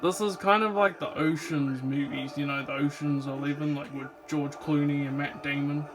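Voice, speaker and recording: A man's voice: a little high, fairly even intonation, normal speed, over music. A young man vlogging in a casual, rambling way, with lots of fillers and restarts as he talks about films he loves. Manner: rambling, full of "like" and "um", enthusiastic. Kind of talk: casual movie chat.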